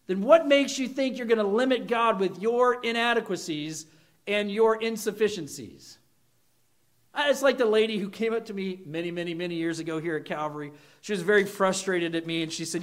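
Guy preaching a sermon, pretty high voice, gets loud and animated, quotes people in little voices. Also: brisk. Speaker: pastor.

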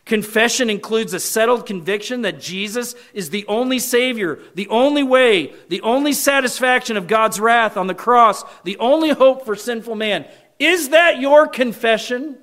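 His voice high, a man delivers a sermon as pastor, alternating between forceful, loud declarations and soft, sincere pleas to the congregation.

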